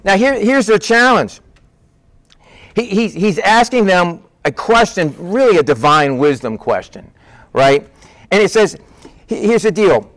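A man preaching a sermon in a conversational, animated way, acting out the voices of people in the story. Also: high-pitched, measured pace.

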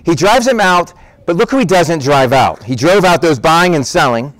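A man preaching a Bible-teaching sermon in a lively, conversational way, speaking straight to his listeners. His voice sits a little high for a man, and he stacks repeated words when he pushes a point. The sound is dry and close, with no room echo. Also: normal speed. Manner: emphatic, animated, repeats words when worked up; conversational, addresses listeners as "guys".

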